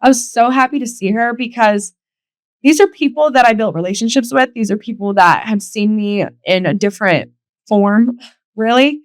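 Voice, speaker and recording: A woman's voice: fairly high pitch, moderate pace, no room sound. Young woman, solo podcast host, candid storytelling, swears a lot, dry close sound. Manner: candid, emotional, swears freely, acts out quotes.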